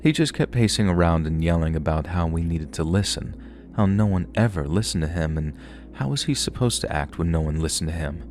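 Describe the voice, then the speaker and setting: A very deep male voice reads a horror story aloud in a calm, steady way. Faint hiss sits underneath the recording. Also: fairly quick. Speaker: narrator. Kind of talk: scripted horror story narration.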